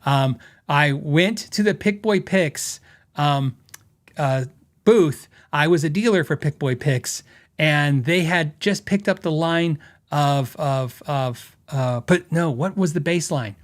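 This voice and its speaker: Man, podcast host, rather high voice, rambling, chuckles a lot, casual storytelling. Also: slow. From western United States. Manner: rambling, laughs often, restarts sentences.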